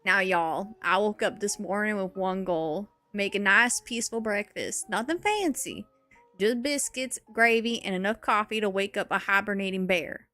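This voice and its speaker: A woman's voice: mid-range voice, normal speed, bright, forceful tone, faint music behind, close to an everyday voice. A woman voicing a folksy, exasperated Southern storyteller with a put-on American Southern accent, reading a comic story in an exaggerated drawl.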